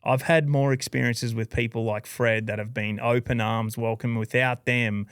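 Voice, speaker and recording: An Australian man on a podcast recounts his journey in a lively, rambling, animated way, saying "dude" and "like" a lot. His smooth, resonant mid-range voice moves at normal speed and is recorded close and dry with no room sound.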